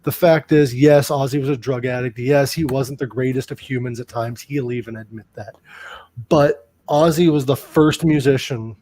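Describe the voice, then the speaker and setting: A man co-hosting a podcast, telling stories in a loose, animated way and swearing freely. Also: mid-range voice, moderate pace. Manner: animated storytelling, heavy swearing. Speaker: podcast co-host. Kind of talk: casual chat.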